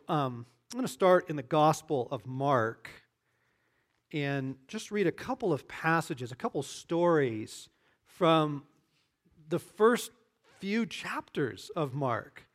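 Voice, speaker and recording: A male pastor preaching a conversational sermon, often checking in with "right?" and "okay?" and rising into animated bursts. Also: a little high.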